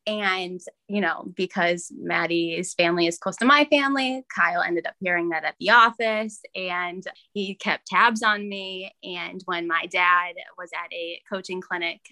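A young woman in casual chat, telling stories in an animated way, laughing often and acting out what others said. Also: on the low side. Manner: animated storyteller, laughs often, acts out quoted voices. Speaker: guest.

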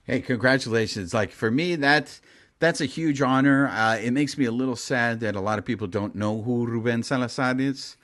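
A man's voice: medium pitch, moderate pace, a bit bright. A man hosting a podcast in casual conversation, earnest and encouraging as he praises his guest. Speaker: podcast host.

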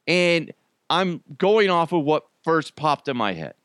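A man's voice: fairly high pitch, very animated, unhurried, a bit bright, clear, resonant tone, dry recording, studio quality. A man hosting a casual solo podcast, chatty and self-deprecating, laughing often as he talks. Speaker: podcast host.

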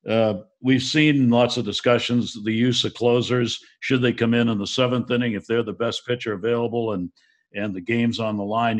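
A man hosting a panel discussion, briskly wrapping up and putting a question to each guest. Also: mid-range voice. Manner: brisk, wraps up and poses questions. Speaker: moderator, host. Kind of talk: panel moderation.

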